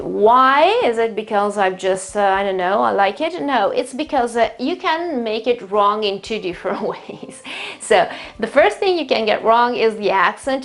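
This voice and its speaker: A woman, a native Italian speaker, gives an English pronunciation lesson at a whiteboard, her voice sitting at a medium pitch. She explains patiently, with plenty of fillers, and repeats each tricky word slowly several times. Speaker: English teacher. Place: room with a whiteboard.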